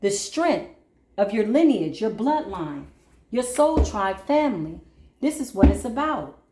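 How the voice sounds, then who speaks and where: A spiritual reader gives a casual pep talk during a card reading, emphatic and colloquial, calling listeners "baby" and "boo." Her medium-pitched, sing-song voice is unhurried, recorded in an echoey, very noisy room. She swings between preachy intensity and quiet asides.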